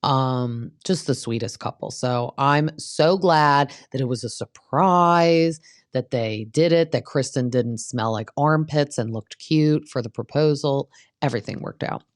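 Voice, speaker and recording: This podcast host, whose voice is very deep and unhurried, recaps a reality show in casual, gossipy commentary, leaning heavily on "like" and "um." The studio recording is clean, with no room sound.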